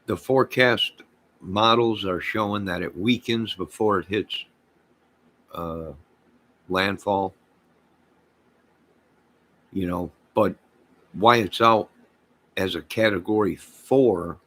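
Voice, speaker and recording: Man, casual vlog chat, folksy, rambling, lowish pitch. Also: slow, long pauses, a bit bright. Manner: rambling, folksy, loose and talkative. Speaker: small channel vlogger.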